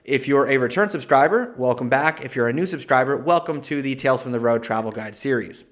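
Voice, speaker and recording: Young guy doing a travel vlog, hyped, chatty, mid-pitched voice. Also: fairly quick. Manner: energetic, casual, chatty with fillers. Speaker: travel vlogger. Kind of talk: enthusiastic travel guide talk.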